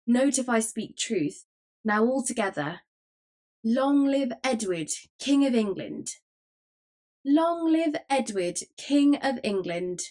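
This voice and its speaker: A man's voice: very high-pitched, expressive, a little slow. A woman voicing a burly, good-natured male rogue leader in an audiobook, speaking firmly and with command.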